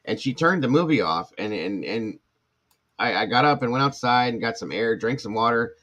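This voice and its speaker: A man's voice: mid-range voice, lively intonation, normal speed, fairly bright tone. A middle-aged man, a former firefighter and paramedic, talking candidly to viewers in a rambling way, full of restarts and asides. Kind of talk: casual talk to viewers.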